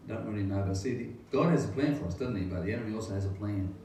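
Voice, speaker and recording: With a fairly low, mellow voice racing along, a middle-aged man who is a pastor gives his faith testimony earnestly and meanderingly, dotted with rhetorical questions. Faint noise, a distant mic, and strong room echo mark the recording.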